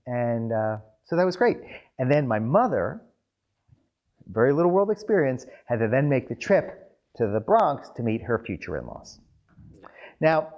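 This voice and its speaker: A man telling a family story to a live audience in an animated storytelling style with wry asides. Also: fairly low pitch, muffled recording.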